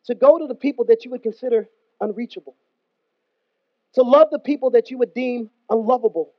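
A man's voice: extremely high pitch, no room sound. A man preaching a sermon in an emphatic, conversational way with slangy asides. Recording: dull, dry close recording.

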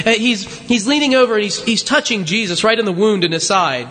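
A man's voice: sits high, a bit bright. A man preaching a sermon in a conversational way, full of rhetorical questions and asides to the congregation. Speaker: pastor. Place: church sanctuary. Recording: long reverb of a large hall.

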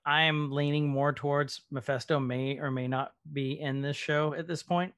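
A man's voice: on the high side, fairly even intonation, normal speed, hardly any pauses, a bit bright, clean tone, dry recording. Chatty man recapping a show, dry sound. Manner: chatty, rambling with many ums. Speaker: podcast host. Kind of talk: casual recap chat.

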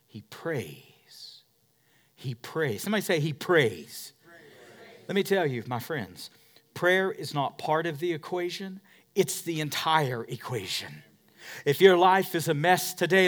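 A man preaching a sermon, swinging between shouted emphasis and hushed asides, using repetition and call-and-response. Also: high voice. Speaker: pastor.

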